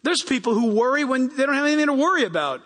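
A man preaching a sermon as pastor, animated and acting out the people he quotes. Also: very high voice, racing. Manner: animated, acts out quoted people in raised voices. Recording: long hall reverb.

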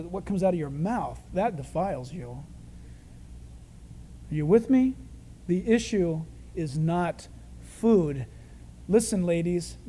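A man's voice: high voice, dark tone. Brief: humorous male preacher, conversational sermon, big hall echo.

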